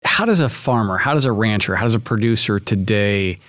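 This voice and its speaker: A man hosting an interview podcast, speaking in a deliberate, emphatic way with drawn-out phrasing. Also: on the low side, expressive, a bit bright, dry recording, clean studio sound. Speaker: podcast host.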